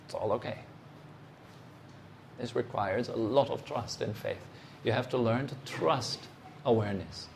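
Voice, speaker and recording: Speaking at medium pitch with a darkish tone, a man teaches meditation in short, unhurried phrases. He poses direct, challenging questions to the listener, over a little hiss or hum.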